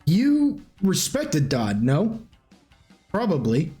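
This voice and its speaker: A man's voice: fairly high pitch, huge pitch swings, slow pace, warm tone, faint music behind, heavily acted. A man voicing a scholarly male noble who is eager about rare finds and dry about bad news. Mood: measured.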